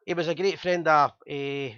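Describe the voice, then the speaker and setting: A Scottish man hosting a fan chat show, talking fast and chatty with jokes. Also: fairly high pitch, fairly even intonation, fairly bright tone, dry recording, lo-fi sound.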